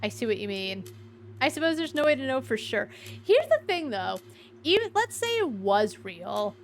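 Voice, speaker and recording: Woman streamer rambling thru a game, lots of "like", kinda high voice. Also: sing-song, normal speed, slight background noise. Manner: chatty, musing aloud with many 'like's; reads game dialogue aloud. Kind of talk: casual let's-play commentary.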